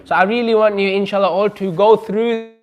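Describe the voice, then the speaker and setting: A man teaching a Quran recitation class, patiently drawing out sounds slowly for students to repeat. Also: high-pitched, steady tone. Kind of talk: classroom lesson. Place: community centre classroom.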